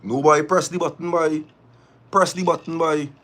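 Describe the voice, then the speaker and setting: A man with a Trinidadian accent chatting casually on a live stream, lively and repeating his phrases as he urges viewers to press like. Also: fairly high pitch, moderate pace.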